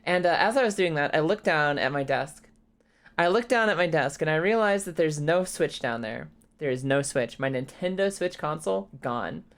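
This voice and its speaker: A young woman streamer chatting casually and congested, rambling, swearing freely and breaking into high laughs. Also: animated, moderate pace. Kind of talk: casual live-stream chat.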